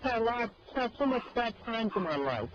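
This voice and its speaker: A man with a very high voice that swings widely, pleading one moment and yelling the next. He is heard through dull, low-fidelity voice-chat audio with faint hiss behind him. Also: very animated, normal speed. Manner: pleading, bursts into angry shouting. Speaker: person on a prank call. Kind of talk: archived voice-chat recording.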